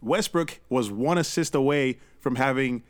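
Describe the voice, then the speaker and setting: Man, podcast co-host, casual sports talk, animated, swears, dry sound. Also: mid-range voice, no echo. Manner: animated, swears freely, quick asides.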